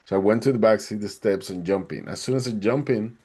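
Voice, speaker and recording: A man, a podcast guest, recounting a personal experience in an animated way and acting out the others' lines. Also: on the low side, brisk, breathy edge. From Atlanta, Georgia, USA. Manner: animated, acts out the other people's lines in a raised voice. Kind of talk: personal storytelling.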